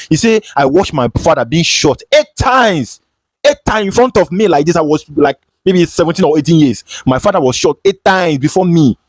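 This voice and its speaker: A man's voice: a little high, slightly rough, dry recording. A man with a Nigerian accent, an online commentator ranting impassioned and firing repeated rhetorical questions at his audience.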